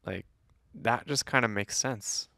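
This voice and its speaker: A man co-hosting a movie review podcast, talking casually and teasing his co-host, with a gravelly voice. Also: mid-range voice, a little slow, pushed and bright, no echo, clean studio sound. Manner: playful, teasing, lots of fillers.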